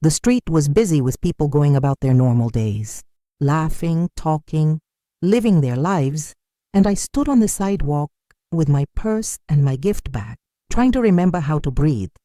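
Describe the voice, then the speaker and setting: A woman narrates a first-person story at a slow, measured pace. Her tone is mellow and somber, and her pitch moves a lot. The recording is close and dry. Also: expressive, no room sound.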